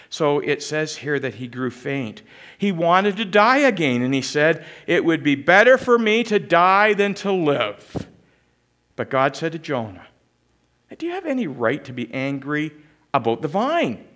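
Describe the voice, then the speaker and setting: A man's voice: medium pitch, a bit bright. A man preaching a sermon, reading scripture dramatically and explaining it in a conversational way. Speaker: pastor.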